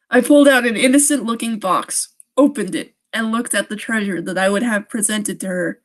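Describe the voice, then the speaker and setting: A woman's voice: medium pitch, moderate pace. A young woman reading a creepy story on a live stream, often breaking off to laugh and make sarcastic jokes about the writing.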